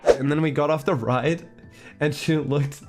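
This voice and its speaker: A man streamer telling a story in casual chat, relaxed and a bit apologetic, laughing along as he goes. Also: on the high side, measured pace, loud music behind the voice.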